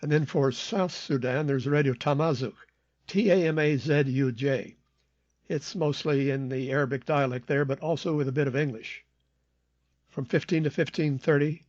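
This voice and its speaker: A man's voice: on the high side, darkish tone, no echo, highs cut off. A man hosting a radio program, reading news and frequency schedules in a dry, matter-of-fact way. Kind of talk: scripted shortwave news reading.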